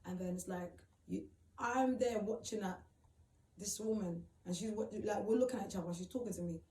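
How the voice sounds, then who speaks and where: A woman tells her own story in a halting, emotional way, often repeating herself and filling gaps with "like". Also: mid-range voice, mellow. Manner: halting, repeats phrases, many fillers. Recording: roomy, distant mic, faint background noise.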